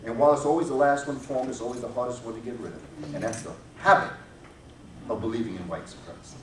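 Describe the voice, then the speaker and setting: A man's voice: medium pitch, fast, recorded from a distance. Emphatic male lecturer in an echoey hall. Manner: emphatic preacher-like delivery with rhetorical repetition. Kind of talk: public lecture to an audience. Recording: echoey hall, recorded from afar, noisy.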